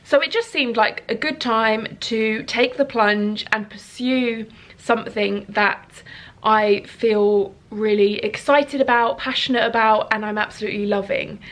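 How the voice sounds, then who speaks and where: A woman in her 30s with a rather high, slightly bright voice chats earnestly to camera at home as a vlogger. Emotional and sniffling, she rambles casually, using plenty of fillers.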